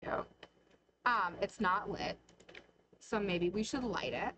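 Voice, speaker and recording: A woman's voice: mid-range voice, a little slow, fairly bright tone, slight background noise, rough recording. A woman hosting a casual livestream, chatting in a bubbly, affectionate way with her viewers from her home streaming room. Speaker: livestream host.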